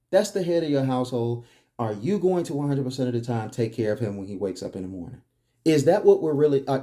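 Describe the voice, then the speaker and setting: A man's voice: mid-range voice, warm tone. A man delivering a preachy monologue, firing off emphatic, repetitive rhetorical questions. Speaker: commentary host.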